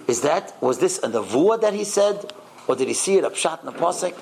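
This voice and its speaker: A man telling a story in a sermon to a congregation, animated and peppered with Hebrew and Yiddish terms. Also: on the high side, fairly quick, vocal fry, slight background noise, low-quality recording.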